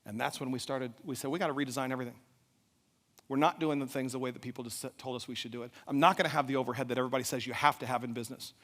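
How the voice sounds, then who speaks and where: A middle-aged man giving a motivational talk at a live event, telling a personal story with animated delivery and asking the audience questions. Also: mid-range voice, very fast. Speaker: event speaker. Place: large event hall. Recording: echoey hall reverb.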